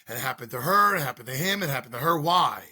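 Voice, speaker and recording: A man's voice: mid-range voice, animated, fast talker, sharp tone, slightly rough. A middle-aged man, a school drug-prevention speaker, telling his story in an interview with earnest, repetitive rhetorical questions.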